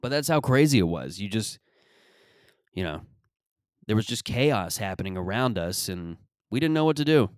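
A man's voice: on the low side, sing-song, moderate pace, pauses often, no room sound, clean studio sound. A man in his thirties hosting a podcast, telling stories in a rambling, profane, comedic monologue. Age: 30s. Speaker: podcast host.

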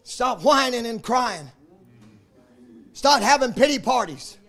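Pastor, man, 50s, very high-pitched voice, emphatic preaching with repeated refrains. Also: expressive, slow pace, fairly bright tone. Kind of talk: sermon.

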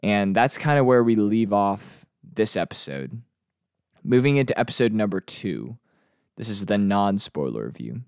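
A man hosting a casual TV episode review, chatty and relaxed with frequent fillers. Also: fairly low pitch, normal speed, clean tone, no echo, studio quality. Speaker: TV review host.

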